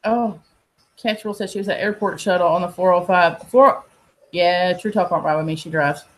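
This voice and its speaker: A woman's voice: fairly low pitch, moderate pace. A woman, telling stories in a casual, profane chat and laughing often. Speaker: host.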